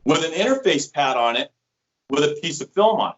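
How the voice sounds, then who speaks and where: High-voiced guy telling a story all animated, slightly muffled sound. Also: fairly quick. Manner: animated storyteller acting out quotes. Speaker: sales rep. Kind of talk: storytelling interview chat.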